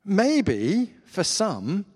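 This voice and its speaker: A man's voice: high voice, wildly swooping pitch, drawn-out words, a little mellow, slightly rough. A man preaching a sermon in an earnest, conversational way, with fillers, in a church hall.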